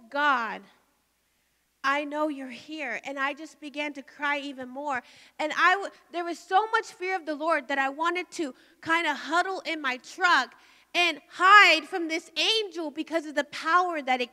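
A woman's voice: sits high, moderate pace, sharp tone. A middle-aged woman pastor telling a testimony in a sermon, emotional and storytelling with rising intensity. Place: large hall at a conference. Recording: long hall reverb.

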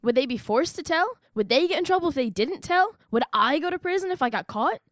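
A woman's voice: high-pitched, expressive, fairly quick, fairly bright tone, no room sound, studio quality. A young American woman reading a first-person personal essay aloud, wry and emphatic, with sudden rises in her voice. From United States. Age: young adult. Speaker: narrator.

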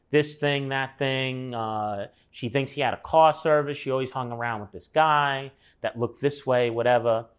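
A man's voice: medium pitch, clean tone. A man telling a personal story in casual conversation, acting out the people he quotes and swearing now and then.

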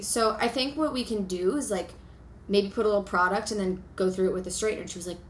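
A woman's voice: medium pitch, fast talker. Woman co-host telling stories animatedly. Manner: animated storyteller, acts out quoted voices. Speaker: podcast co-host. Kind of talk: casual chat. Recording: roomy sound, faint background noise.

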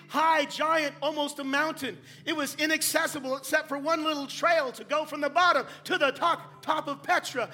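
A man preaching a sermon, swinging between quiet asides and shouted emphasis, with playful jokes and wordplay for the congregation. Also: very high voice.

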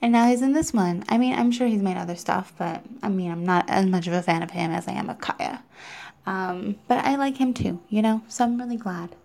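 A young woman talks through a film review on her podcast in a loose, rambling way, full of fillers. Her voice has a gravelly, fry-edged texture at a middle pitch. She sounds casual and unscripted. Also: fairly quick, darkish tone. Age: young adult. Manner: chatty and rambling, with many fillers. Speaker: podcast host reviewing films. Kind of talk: casual chat.

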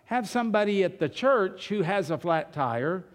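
A man's voice: sits high, expressive, normal speed. A male pastor preaching a sermon in a church, talking conversationally, asking rhetorical questions and telling humorous anecdotes. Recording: long reverb of a large hall.

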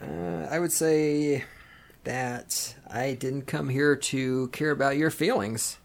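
Southern American man, podcast guest host, brash and jokey, average pitch. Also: lively intonation, slow pace. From Southern United States. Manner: emphatic, joking, brash. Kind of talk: casual podcast chat.

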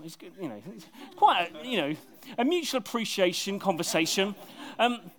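Man, sermon, conversational preaching, fairly high voice, lively delivery. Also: moderate pace. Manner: conversational, animated, reads scripture aloud.

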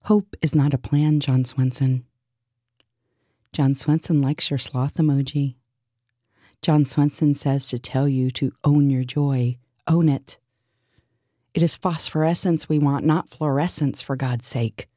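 A woman reciting a surreal spoken-word list in a deadpan, absurd manner. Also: a bass voice, unhurried, no room sound, studio quality.

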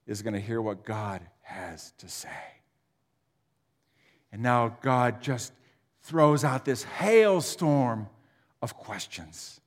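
Dramatic preacher in a reverberant hall. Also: male voice, medium pitch, lively intonation, slow pace, long pauses. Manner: dramatic, swinging from loud to near whisper. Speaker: pastor. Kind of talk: sermon.

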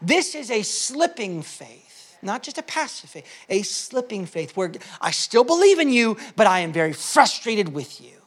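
A man preaching a sermon as a pastor, talking conversationally with fillers and restarts, shifting from hushed asides to loud, impassioned peaks. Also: sits high.

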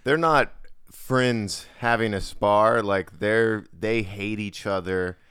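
A man on a podcast making wisecracks and quick joking asides in casual chat. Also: on the low side, a bit bright, clean tone, no room sound, clean studio sound.

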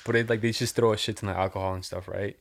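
A man's voice: fairly low pitch, steady tone, very fast, gravelly. A young man telling a rambling, profane story in casual chat, saying "dude" and "like" all the time.

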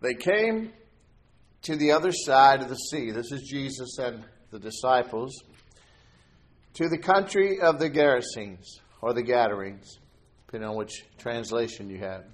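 A man preaching a sermon as a pastor, reading scripture aloud and slowing down to stress key words. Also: mid-range voice, animated.

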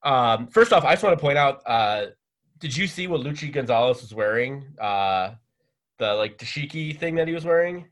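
A man's voice: mid-range voice, animated, normal speed, a bit bright. A man hosting a casual sports podcast, talking in a rambling way with lots of fillers. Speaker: podcast host. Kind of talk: casual chat.

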